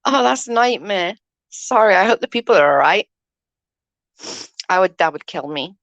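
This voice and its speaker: A woman's voice: mid-range voice, animated, normal speed, a bit bright, no room sound, lo-fi sound. A woman hosting a casual live stream, chatting and yawning as she reads comments. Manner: chatty, yawning, says "allegedly" often.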